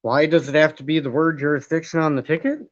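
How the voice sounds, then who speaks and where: A man with a slightly high voice and fairly even intonation hosts a live stream at a quick pace, with slight background noise. He rambles and argues while reading and answering chat, swearing now and then, and the stream audio sounds dull and lo-fi.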